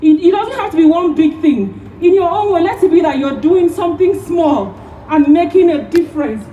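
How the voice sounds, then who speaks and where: A woman's voice: extremely high pitch, moderate pace, mellow, highs cut off, a little hiss or hum. A woman in her thirties from Nigeria giving an emotional, rousing speech at an outdoor rally, repeating key phrases. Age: 30s. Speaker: rally speaker.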